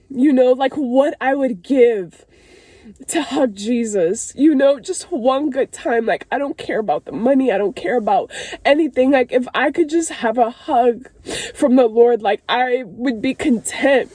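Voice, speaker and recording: A woman's voice: high voice, animated, moderate pace, warm tone, no room sound. A young woman in a candid faith vlog, crying at times and rambling with many fillers, talking from her parked car. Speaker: vlogger.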